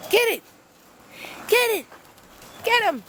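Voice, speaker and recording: A woman's voice: extremely high pitch, expressive, slow pace. A woman at a kennel talking to dogs in coaxing, praising baby talk. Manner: sing-song, coaxing, praising. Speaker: kennel worker playing with dogs. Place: dog kennel play area. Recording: noisy with dogs around.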